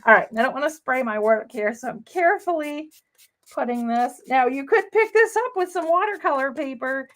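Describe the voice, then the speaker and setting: A woman's voice: high voice, expressive, moderate pace, a bit bright. A woman hosting a live crafting demonstration, chatting upbeat to viewers as she works. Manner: chatty, upbeat, talks to viewers while working. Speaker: craft show host.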